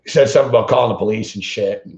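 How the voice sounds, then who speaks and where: A man's voice: on the low side, very fast, gravelly, a little mellow. A man hosting a sports betting show, telling a long story as a blunt, combative rant full of swearing. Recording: roomy, dull lo-fi sound.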